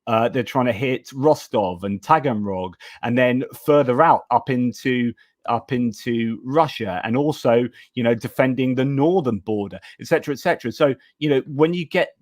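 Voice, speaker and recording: Male host, hesitant halting delivery, dry close recording. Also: mid-range voice, dry recording. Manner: hesitant, many fillers and restarts. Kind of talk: casual live-stream conversation.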